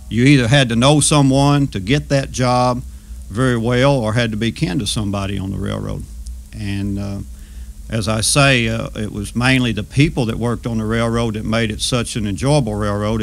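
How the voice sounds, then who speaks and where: A man looks back on his railroad job in a measured, halting way. His voice is low and gravelly, and he fills his pauses with "uh.". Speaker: former railroad worker. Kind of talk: oral history reminiscence.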